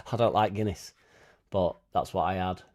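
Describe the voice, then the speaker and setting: A man's voice: low voice, a little slow. A man hosting a casual live stream, reading out chat and swearing freely as he talks. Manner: swears freely, chatty, tag questions like innit. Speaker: fan channel host reading live chat.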